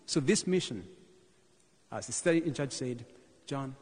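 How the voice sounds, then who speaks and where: A man's voice: medium pitch, moderate pace, breathy edge, in a large hall. A man from Kenya in his thirties, telling his own story as a parish mission speaker and calling out to the congregation. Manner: animated testimony, calls to the congregation. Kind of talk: sermon storytelling. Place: church.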